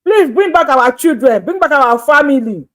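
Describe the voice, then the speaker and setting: A Nigerian woman making an impassioned plea to camera, begging repeatedly and shifting between rapid talk and slow, drawn-out appeals. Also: high voice, lively intonation. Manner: pleading, begging, repetitive. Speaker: social media creator.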